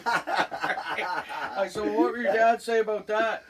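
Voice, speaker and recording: A man's voice: high-pitched, measured pace, crowd noise. A man with a Cape Breton accent telling a rambling funny story in casual chat, laughing often. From Cape Breton, Canada. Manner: rambling, laughs often, acts out quoted voices loudly. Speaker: podcast host. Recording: distant mic with faint room noise.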